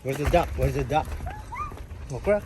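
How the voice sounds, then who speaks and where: A woman from the Philippines chatting casually and playfully during a family farm outing, now and then making squeaky animal sounds. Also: animated, moderate pace. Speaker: vlogger. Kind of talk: casual family vlog chat. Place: outdoors at a busy farm. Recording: loud crowd and traffic noise.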